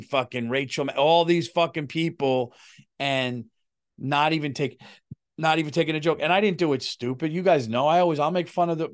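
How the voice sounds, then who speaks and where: A middle-aged man, a comedian hosting his own podcast, telling a story in a loose, rambling monologue, swearing freely and restarting sentences as he goes. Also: medium pitch.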